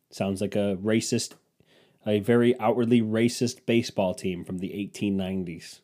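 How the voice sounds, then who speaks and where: A man's voice: lowish voice, steady tone, normal speed, dark tone. A young man hosting a podcast, riffing in a rambling, self-mocking, crude comedic monologue. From Cleveland, Ohio. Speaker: podcast host.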